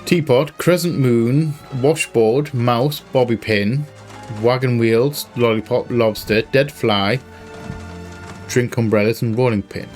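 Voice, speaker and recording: A man gives casual commentary as he plays through a hidden-object game. He is chatty and teases himself, thinking out loud in a mid-range voice. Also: medium pitch, takes it slowly, soft background music. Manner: chatty, self-mocking, thinks aloud. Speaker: game streamer. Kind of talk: casual let's-play commentary.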